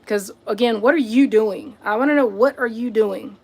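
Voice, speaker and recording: Speaking at normal speed in a slightly high voice with a darkish tone, a woman runs a casual livestream. She answers comments, calls viewers "y'all" and "buddy," and sassily calls out the rude ones directly.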